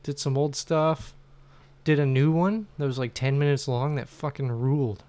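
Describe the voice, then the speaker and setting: A man's voice: medium pitch, moderate pace, dark tone. A man co-hosting a casual comedy podcast in a laid-back way, swearing freely and laughing often. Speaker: podcast co-host.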